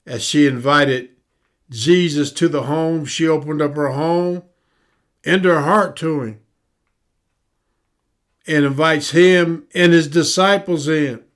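A man pastor preaching a podcast sermon, building emphasis through repetition and dropping to a soft, low voice for prayer. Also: fairly even intonation, takes it slowly, long pauses.

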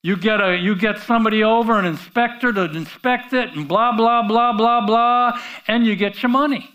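A man's voice: high-pitched, fairly bright tone. A man preaching a sermon in a conversational way, asking the audience rhetorical questions and often restarting his words. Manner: halting restarts and repeated words.

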